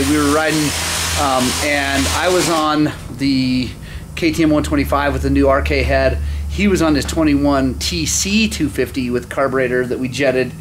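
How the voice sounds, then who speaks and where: A man's voice: mid-range voice, a little hiss or hum. A man casually talking through a motorcycle engine job in his workshop, rambling and chuckling as he goes. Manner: rambling, chuckling, animated when telling stories. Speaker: motorcycle shop vlogger. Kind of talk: casual shop vlog with storytelling.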